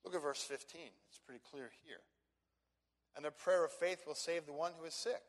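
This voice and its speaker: High-voiced man preaching in a reverberant hall. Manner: emphatic, repeats words, slows down to stress phrases. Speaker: pastor. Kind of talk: expository sermon.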